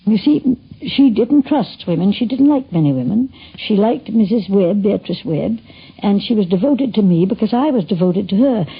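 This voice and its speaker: A woman's voice: mid-range voice, animated, normal speed. An older woman reminiscing in casual recollection, with asides to the listener, on a lo-fi 1950s radio recording. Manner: gravelly, husky, chatty with asides. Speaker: interviewee reminiscing. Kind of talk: spoken recollection.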